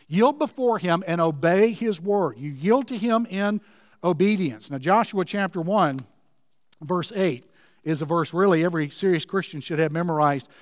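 A man's voice: sits high, expressive, normal speed, dry recording, long reverb tail. Man, preacher, sermon, earnest storytelling, close dry voice. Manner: earnest storytelling, drops to a hush for emotional moments.

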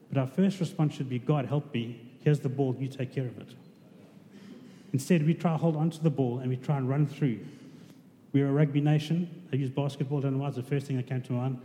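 A man's voice: mid-range voice, fairly even intonation, fairly quick, dark tone. A man preaching a conversational sermon, asking his congregation questions. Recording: reverberant hall with faint noise.

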